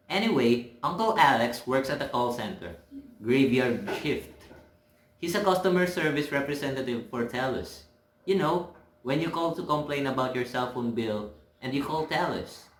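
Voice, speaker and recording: A young man acting as a hungry, lonely teenage boy, telling his story in a casual, wry monologue with slow, drawn-out words. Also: medium pitch, lively intonation, close to an everyday voice. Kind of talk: dramatic monologue in a student film. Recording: echoey room.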